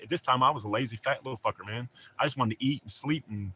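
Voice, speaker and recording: A man's voice: medium pitch, quick pace, sharp tone, slight background noise. A middle-aged man with a Southern American accent, chatting casually and telling rambling, profane stories on a stream. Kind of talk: casual chat.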